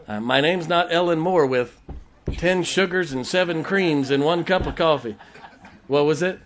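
A man's voice: on the high side, expressive, measured pace. An older man preaching a sermon, telling folksy stories and laughing as he goes. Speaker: pastor.

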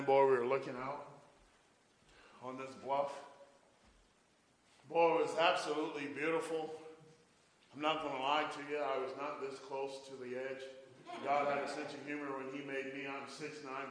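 A man's voice: medium pitch, little pitch movement, normal speed, pushed and bright. A man preaching a sermon, telling folksy stories and often saying "boy".

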